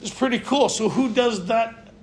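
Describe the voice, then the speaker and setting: Speaking at a moderate pace in an extremely high-pitched voice, a recovery speaker addresses a men's retreat group casually. He checks in with his listeners often, and the recording has faint room ambience and noise.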